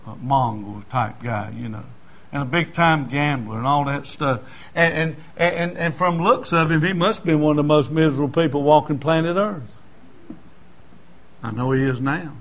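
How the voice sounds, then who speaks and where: A man's voice: a little high, fairly bright tone. A male preacher, telling stories in a sermon in a folksy, stammering way. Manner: folksy, stammering restarts, chuckles. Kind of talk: storytelling sermon.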